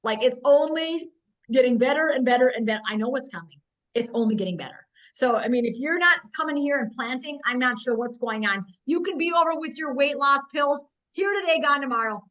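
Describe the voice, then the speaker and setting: A network marketing trainer in her 40s, her voice sitting high with a fairly bright tone, moves briskly through a blunt and emphatic tough-love business session. It comes through a video call, so the audio is muffled and dull.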